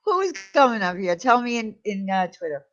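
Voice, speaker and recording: A woman hosting a casual livestream chat, blunt and quick to swear, laughing often. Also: medium pitch, big pitch swings. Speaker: livestream host. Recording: muffled lo-fi stream audio.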